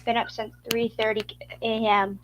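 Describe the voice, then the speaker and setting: A woman's voice: a little high, flat delivery, moderate pace, fairly bright tone, dry recording, low-quality recording. A woman hosting a livestream in casual chat, greeting viewers and jumping from topic to topic. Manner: chatty, greets viewers, jumps between topics. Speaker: livestream host.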